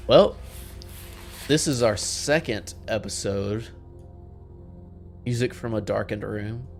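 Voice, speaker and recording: A man's voice: lowish voice, slow, gravelly, darkish tone, faint music behind. A man hosting a tabletop game as its game master, laid-back in manner.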